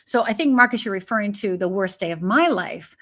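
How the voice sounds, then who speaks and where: A life coach from Upper Michigan, USA, tells her personal story as an interview guest, vividly acting out the voices of the people in it. Her medium-pitched voice is expressive, a bit bright, and a little fast.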